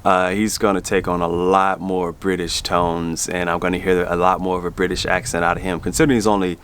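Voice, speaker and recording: Middle-aged man with a lowish voice, loose rambling delivery, family vlogger talking to camera. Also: level tone, a little fast, fairly bright tone, a little hiss or hum. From Southern US. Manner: rambling, with many restarts and fillers. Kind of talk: casual chat to camera.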